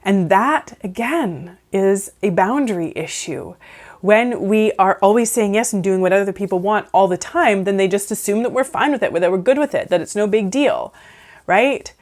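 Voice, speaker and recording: A woman's voice: mid-range voice, animated, normal speed, a little mellow. A woman counsellor giving casual advice in a conversational way, often checking in with "right?". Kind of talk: casual advice talk to camera.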